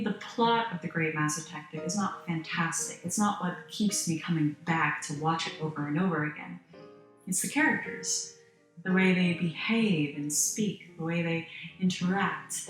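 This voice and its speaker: A woman hosting a video essay, reading a scripted narration in an earnest, admiring manner. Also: fairly low pitch. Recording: very echoey room.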